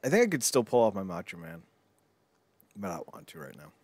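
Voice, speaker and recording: Animated rambling podcast guy. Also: fairly low pitch, quick pace, dry recording. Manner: rambling, animated, breaks into silly impressions. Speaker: podcast co-host. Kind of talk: casual podcast banter.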